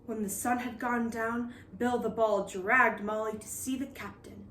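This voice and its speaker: Brief: storybook reader, woman, bright higher voice, expressive, roomy echo. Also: unhurried, far from the mic, a little hiss or hum. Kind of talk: reading a children's picture book aloud.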